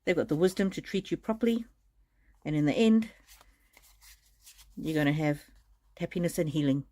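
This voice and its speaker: A woman giving a live-streamed oracle card reading in a gentle, reassuring way, often restarting her sentences. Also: sits low, lively intonation, normal speed. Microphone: streaming mic.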